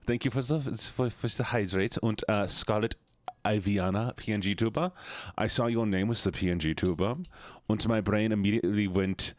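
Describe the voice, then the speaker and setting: A man's voice: on the low side, normal speed, dry recording, studio quality. A man chatting casually with his live-stream viewers, playful and jokey, slipping in and out of put-on accents and silly voices. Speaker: livestreamer.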